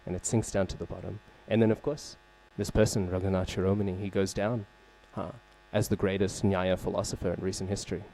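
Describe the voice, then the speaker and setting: A man giving a scripture class at a temple, telling a story in a conversational way, often asking "right?" and pausing to search for names and terms. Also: low-pitched, level tone, vocal fry, mellow. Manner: conversational, frequent "right?" check-ins and fillers. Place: temple hall.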